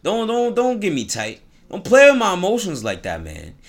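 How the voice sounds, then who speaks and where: A man voicing an excitable old male mandrill sage who talks in loud, slangy disbelief. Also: high voice, moderate pace, voice pushed up, exaggerated voice. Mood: disbelieving. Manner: slangy, incredulous, shouting with joy.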